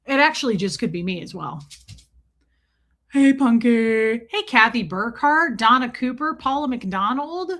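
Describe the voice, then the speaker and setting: A woman's voice: fairly high pitch, animated, moderate pace, few pauses, bright, forceful tone. A woman hosting a casual livestream, chatting and teasing as she greets viewers one by one. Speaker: livestream host.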